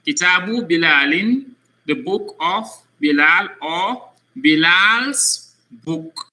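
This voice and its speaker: A male Arabic teacher with a high voice and a very bright, sharp edge to it. He talks patiently and repeats words slowly so a young student can follow. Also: sing-song, rough recording. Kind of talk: one-on-one language lesson for a child.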